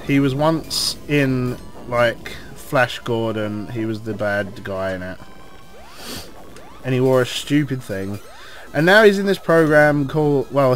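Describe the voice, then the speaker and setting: An English man giving casual, rambling commentary while playing a video game, cursing at enemies and shouting when things go wrong. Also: medium pitch. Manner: excitable, swears at enemies, rambling asides. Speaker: let's play host.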